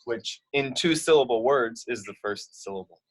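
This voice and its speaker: A man's voice: mid-range voice, normal speed, low-quality recording. A man teaching Spanish verb conjugation to children, patiently explaining step by step with frequent fillers. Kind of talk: explaining grammar to young students.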